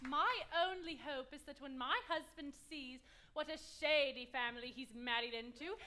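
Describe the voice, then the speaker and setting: A reluctant young noble bride from a staged operetta, played by a woman. She speaks crisply and wryly in a very high, bright voice. Recorded live on stage. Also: moderate pace, slight background noise. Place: theatre stage, live performance.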